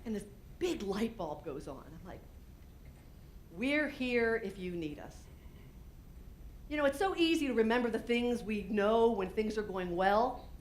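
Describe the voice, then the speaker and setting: A woman business owner giving a conference talk, telling a candid personal story in an animated way and acting out what she said. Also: mid-range voice, moderate pace, slight background noise. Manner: animated and candid, acts out her own quotes, frequent restarts. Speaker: keynote speaker and business owner.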